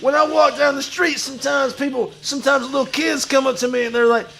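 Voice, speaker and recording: A man playing a crude, boastful washed-up pro wrestler who talks about himself in the third person and shouts his lines. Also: very high voice, fairly even intonation, fairly quick, faint music behind, heavily acted. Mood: swaggering bravado. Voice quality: gravelly, shouty bravado. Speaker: streamer in character. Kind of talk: improvised comedy stream.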